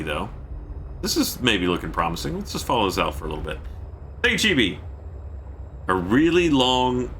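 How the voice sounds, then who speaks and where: Lively deep-voiced man streaming a game. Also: a little hiss or hum. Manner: chatty, reads out viewer thanks, sudden yelps; keeping his voice down. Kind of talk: casual gameplay commentary.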